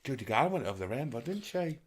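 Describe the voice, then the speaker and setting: A man's voice: big pitch swings, quick pace. A man co-hosting a casual live stream, playful and gossipy. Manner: playful and gossipy, swings up and down in pitch. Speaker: co-host.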